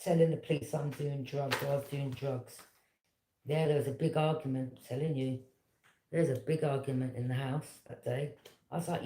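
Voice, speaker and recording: A woman, telling a personal story in a casual, animated and indignant way, with quick "yeah?" asides. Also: rumbling low. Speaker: tarot reader. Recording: echoey room.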